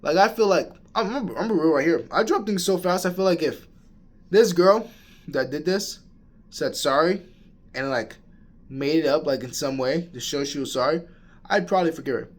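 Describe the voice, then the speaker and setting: A man's voice: on the high side, normal speed. A young man in college talking casually to camera, rambling with restarts and calling the listener "bro.". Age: young adult. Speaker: college student. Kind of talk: casual vlog rant.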